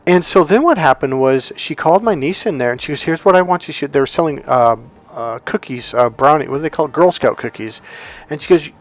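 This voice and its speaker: This man, who works as a dating coach, wanders through a personal anecdote in relaxed monologue style and voices other characters in a high pitch. His delivery is brisk and expressive.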